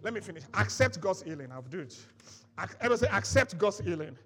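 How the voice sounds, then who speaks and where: A man preaching a sermon as pastor, swinging between shouted bursts and soft asides, leading the congregation in call-and-response. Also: sits high, big pitch swings, quick pace, soft background music.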